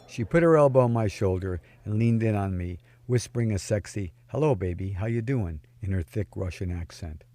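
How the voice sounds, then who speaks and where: A man's voice: lowish voice, brisk, few pauses, warm tone, no room sound. A man narrating a scripted first-person story in a dry, wry tone, recorded on a close mic. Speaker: storyteller, podcast host.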